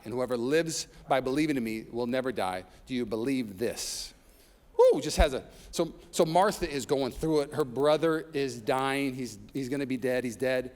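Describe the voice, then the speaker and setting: A man preaching a sermon as pastor, reading scripture and telling personal stories with humor and rising intensity. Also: mid-range voice. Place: church sanctuary. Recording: long reverb of a large hall.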